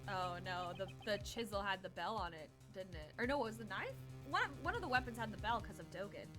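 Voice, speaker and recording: A woman's voice: medium pitch, animated, fairly quick, few pauses, over music. A woman streamer chatting casually and laughing as she plays through a game. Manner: bubbly, laughing asides. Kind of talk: casual let's-play commentary.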